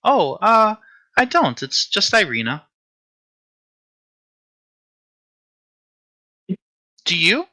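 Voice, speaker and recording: A man voicing a soft, sweet young woman who is pale and weary, speaking gently and hesitantly. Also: high voice, very animated, measured pace, no echo, pitched above the performer's own voice, full character voice. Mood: sweet, polite.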